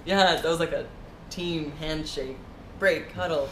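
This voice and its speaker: A man's voice: on the high side, a little slow, fairly bright tone. A playful American man chats on camera, hamming things up and giggling. His voice bounces around an echoey room, with a faint hiss underneath. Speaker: vlog co-host. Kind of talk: casual chat.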